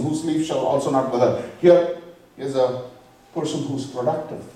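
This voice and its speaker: A man's voice: a little high, mellow. A man preaching a sermon, asking the congregation questions and quoting scripture. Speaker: pastor. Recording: echoey room, voice from far off the mic.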